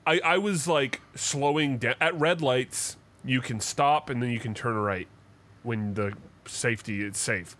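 A man's voice: medium pitch, unhurried, fairly bright tone. A man co-hosting a podcast, telling stories in casual chat with heated, profane rants. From Canada. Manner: profane, heated ranting storyteller. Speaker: podcast co-host.

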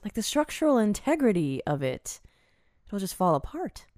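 A woman co-hosting a podcast, chatting casually in a giggly, animated way. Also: mid-range voice, normal speed, no echo, clean studio sound. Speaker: podcast co-host. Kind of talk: casual banter.

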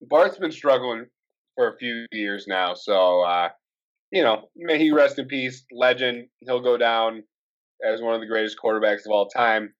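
A man's voice: medium pitch, unhurried, lo-fi sound. Exasperated Wisconsin sports fan man. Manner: animated, swearing, rising to exasperated rants. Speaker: podcast co-host. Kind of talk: casual sports chat.

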